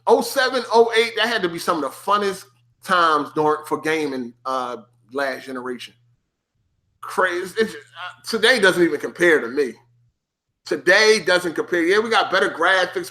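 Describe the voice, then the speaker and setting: Speaking at a normal pace, this streamer recounts a gaming story loosely, packed with slang and swearing. When he plays his younger self, his voice jumps higher and gets excited.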